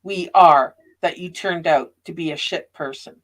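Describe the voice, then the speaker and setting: A woman's voice: sits low, moderate pace. A woman in casual live-stream chat, speaking bluntly and cuttingly.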